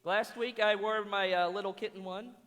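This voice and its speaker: A man's voice: high-pitched, fairly even intonation, normal speed, fairly bright tone, in a large hall. A man hosting a live stream, joking around and plugging masks in casual banter. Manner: joking, playful, plugs merchandise. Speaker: host.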